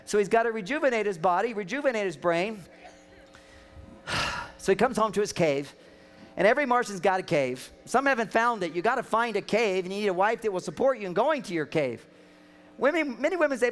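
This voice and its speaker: A man speaking as a relationship counselor, giving a humorous seminar talk with animated, joking storytelling. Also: sits high, a little fast.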